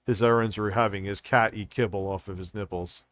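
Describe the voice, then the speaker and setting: A man's voice: fairly low pitch, fairly even intonation, brisk, fairly bright tone, no echo. A man reacting to videos on a live stream, ranting bluntly and swearing a lot. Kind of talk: casual live-stream commentary.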